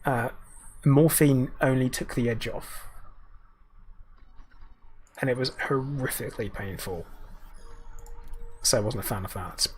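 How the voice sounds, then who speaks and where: A man's voice: mid-range voice, a little slow, pauses often, a little mellow, slight background noise. A man live-streaming a game, chatting casually in a rambling way and answering viewers' chat messages.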